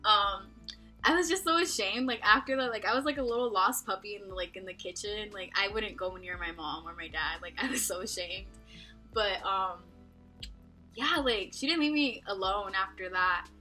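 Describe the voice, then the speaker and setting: A woman's voice: medium pitch, moderate pace, bright, forceful tone, faint music behind. A young woman from Texas telling a story to camera in her dorm room, rambling and profane, with a constant "like" and frequent giggles. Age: young adult. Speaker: vlogger.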